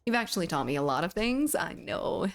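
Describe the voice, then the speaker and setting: A woman's voice: mid-range voice, big pitch swings, brisk, no echo. A woman with a Southern US accent chatting casually with her livestream chat while playing a game, laughing often and swearing freely. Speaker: streamer.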